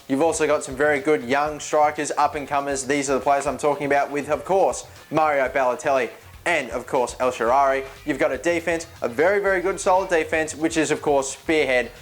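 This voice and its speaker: A man's voice: medium pitch, fairly even intonation, fairly quick, hardly any pauses. A man giving casual, joking gaming commentary, chatty and rambling, often correcting himself mid-sentence. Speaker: video game YouTuber.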